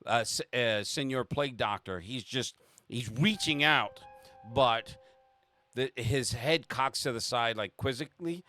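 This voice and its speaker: A man's voice: medium pitch, measured pace, pushed and bright, faint music behind. A man running a tabletop game as game master, narrating the action with frequent restarts.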